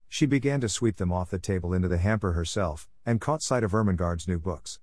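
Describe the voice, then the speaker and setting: A man narrating a classic novel as an audiobook in a steady, even telling. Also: sits low, brisk, few pauses, no room sound, studio quality.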